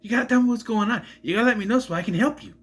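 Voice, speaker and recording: A man doing an impression of a pushy man with an exaggerated Boston accent, talking fast and insistently. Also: very high-pitched, a bit bright, breathy edge, voice pushed up, full character voice. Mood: urgent. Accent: over-the-top Boston.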